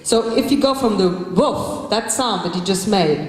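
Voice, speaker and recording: A woman teaches a vocal workshop to a group in a large hall, talking through technique in an instructive way and breaking into loud shouts and growls to demonstrate. Her voice sits at a middle pitch for a woman. The recording is heavily reverberant, with a long hall echo, as if picked up from across the room. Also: unhurried. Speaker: vocal coach leading a workshop. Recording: very echoey hall from a distance.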